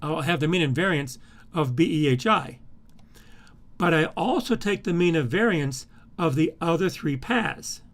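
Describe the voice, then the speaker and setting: A middle-aged male instructor talks through a recorded lesson in a slightly high voice. He speaks haltingly, repeating words and filling pauses with "uh" while he clicks between files. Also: expressive. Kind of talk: recorded screen-share lecture.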